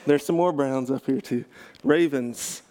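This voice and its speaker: A man's voice: mid-range voice, measured pace, a crowd in the background. A man from Texas, a pastor, giving a casual teaching talk to a group, chatty and self-correcting, with joking asides.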